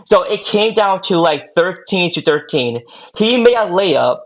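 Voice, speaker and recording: A man's voice: high-pitched, lively intonation, measured pace. Young male podcast guest, casual rambling storyteller, repeats himself, lo-fi recording. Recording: dull lo-fi audio.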